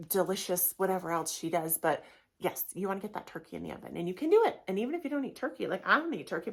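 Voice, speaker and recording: A woman hosting her own yoga podcast, speaking alone to her listeners. Her talk is casual and gushing, full of encouragement and open affection. She sounds middle-aged, with a voice that sits in an ordinary middle pitch. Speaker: yoga teacher and podcast host. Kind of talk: casual motivational podcast monologue.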